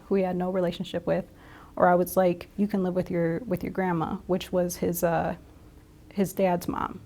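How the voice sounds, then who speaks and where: A middle-aged woman talks openly in an interview, her voice carrying a gravelly edge. She is reflective and halting, often starting a sentence over before she finishes it. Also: medium pitch, a little mellow. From Michigan. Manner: halting, reflective, with frequent restarts. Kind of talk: candid interview.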